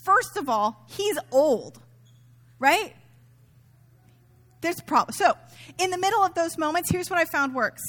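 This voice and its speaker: A woman's voice: extremely high pitch, lively intonation, a little slow, long pauses, fairly bright tone. A middle-aged woman pastor giving a sermon in a conversational, self-mocking way, acting out quoted asides.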